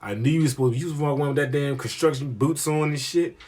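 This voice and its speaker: A blunt older man in his sixties scolds and presses his point again and again, as a man puts him on in a higher register than his own. The voice is husky and insistent. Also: quick pace, darkish tone, soft background music, close to an everyday voice. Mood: smug. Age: 60s. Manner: insistent, scolding, repeats himself.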